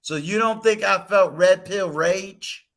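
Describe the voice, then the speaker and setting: A man's voice: high-pitched, slow pace, fairly bright tone. A man hosting a casual talk stream, telling a personal story with emphatic rhetorical questions. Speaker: host.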